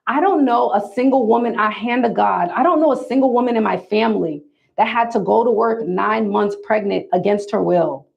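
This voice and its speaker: A woman's voice: fairly high pitch, fairly quick, vocal fry, highs cut off. A woman hosting a livestream, giving dating advice in a casual, emphatic, preachy way and talking straight to her viewers.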